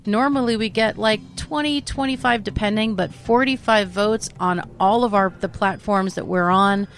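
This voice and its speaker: A woman's voice: medium pitch, normal speed, slight background noise. A woman co-hosting a music show in casual chat, effusive and piling up describing words. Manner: effusive, piles up adjectives.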